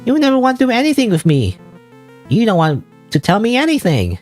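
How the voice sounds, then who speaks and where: A man's voice: very high voice, huge pitch swings, fairly quick, darkish tone, faint music behind, voice pushed up, full character voice. A man voicing a clingy young woman who pleads with her girlfriend in a whiny voice while reading a game aloud. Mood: pleading.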